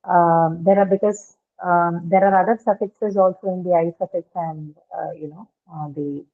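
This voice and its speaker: A woman teaching a live online pronunciation class, speaking haltingly with many filler sounds and checking in with her students. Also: lowish voice, fairly even intonation. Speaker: English teacher. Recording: narrow phone-like online class audio.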